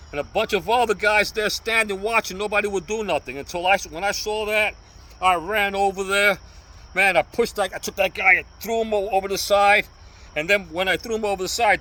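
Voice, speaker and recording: Out on a city street, an older New York man tells a story in casual street talk, punctuating it with sound effects. His voice is high, bright and forceful, though the audio is poor.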